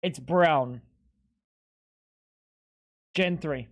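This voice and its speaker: A streamer riffing live to chat while playing, with a voice of ordinary middle pitch. The delivery is excitable and profane, swinging between loud outbursts and self-mocking mumbles. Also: very slow.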